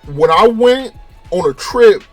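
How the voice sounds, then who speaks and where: High-voiced profane Californian man reviewing. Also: slow pace, faint music behind. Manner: profane, rambling, animated retelling. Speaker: show reviewer. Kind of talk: casual spoken review.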